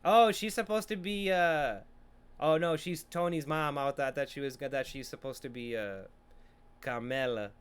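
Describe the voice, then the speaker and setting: A man's voice: a little high, normal speed, clean tone. A man hosting a podcast, casually reacting to a trailer and reviewing a movie in a profane, rambling, jokey way. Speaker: podcast host.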